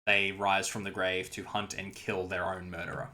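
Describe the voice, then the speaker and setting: A man narrating a tabletop game as game master, unhurried and relaxed, with hesitant fillers. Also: deep voice.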